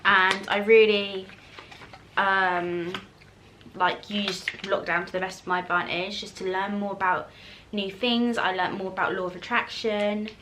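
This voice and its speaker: A woman's voice: mid-range voice, steady tone, a little slow, noisy background. A woman, chatting casually to camera as she answers viewer questions, rambling with fillers and restarts. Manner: eating while talking at times. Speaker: YouTuber.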